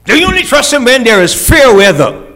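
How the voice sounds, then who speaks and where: A man's voice: very high voice, huge pitch swings, brisk, pushed and bright, faint music behind. A male pastor preaching a sermon, with rising, emphatic calls and acted-out quotes.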